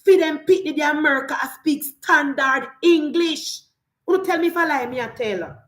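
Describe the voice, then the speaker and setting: High-voiced Jamaican woman ranting. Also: normal speed, roomy sound. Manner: emphatic, repeats rhetorical refrains. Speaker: political commentator. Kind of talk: casual political rant.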